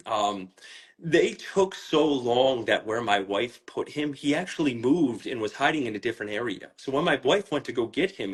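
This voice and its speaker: A man, talking through his house in an emotional interview, upset and close to tears, repeating words, restarting sentences and swearing. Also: mid-range voice. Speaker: pet owner interviewed about a raid.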